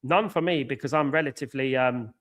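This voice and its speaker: A man's voice: mid-range voice, brisk, a bit bright. Blunt, opinionated English man chatting live. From England. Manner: blunt, opinionated, repeats himself. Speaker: host of a football watchalong. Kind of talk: casual live chat reading comments.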